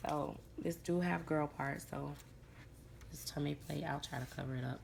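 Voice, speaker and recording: A woman's voice: sits low, fairly even intonation, normal speed, creaky, a little mellow, slight background noise. A middle-aged woman chatting casually to her viewers, telling a funny story about her dolls and laughing along as she acts out what others said. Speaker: doll collector vlogger.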